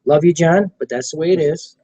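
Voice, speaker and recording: A man training a small group in network marketing, animated and coaching, often acting out sales dialogue. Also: on the high side, brisk, rough recording.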